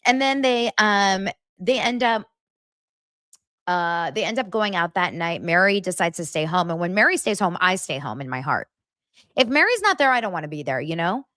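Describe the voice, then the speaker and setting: A woman hosts a chatty podcast, recapping reality TV with animated, gossipy energy. Her pitch swings widely, and she often jumps into high, mocking impressions. The sound is dry and close to the mic. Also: no echo. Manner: animated, gossipy, mimics cast members in high voices. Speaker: podcast host.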